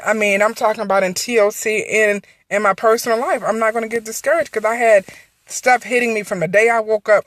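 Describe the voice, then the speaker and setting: A woman's voice: mid-range voice, dry recording. Emotional woman streaming from her phone. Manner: heartfelt, repetitive, faith-filled, emotional. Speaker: network marketing director. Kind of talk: emotional livestream testimony. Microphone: phone livestream.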